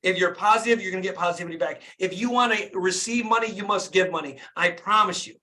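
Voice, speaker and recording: A man's voice: high voice, fast, sharp tone. A middle-aged man, a dentist and business coach, giving a fired-up motivational talk on a group video call and repeating phrases for emphasis.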